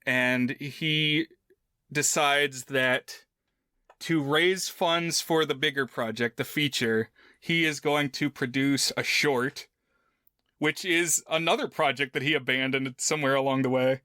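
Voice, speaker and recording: Man, podcast co-host, bright tense voice, dry close sound, casual film chat. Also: medium pitch, measured pace, clean tone, no room sound. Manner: relaxed, thinking aloud with many fillers.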